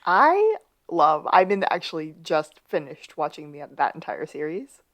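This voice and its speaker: Lower-voiced woman in casual podcast chat. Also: very animated, measured pace. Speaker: podcast co-host. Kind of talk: casual chat recapping a TV episode.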